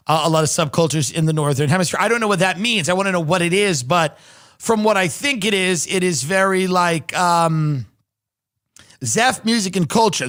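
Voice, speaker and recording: A man hosts a comedy podcast in a high, ringing voice. He reads out articles in a casual, wry tone and keeps breaking in with deadpan sarcastic jokes. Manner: reads news aloud with sarcastic asides.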